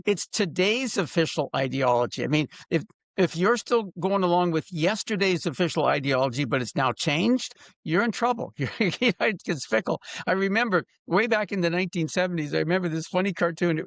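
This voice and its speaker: An older man hosting a podcast interview, talking in a halting way and often repeating words as he restarts a thought. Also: fairly high pitch, expressive, fairly bright tone, no room sound. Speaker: podcast host. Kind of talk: casual interview conversation.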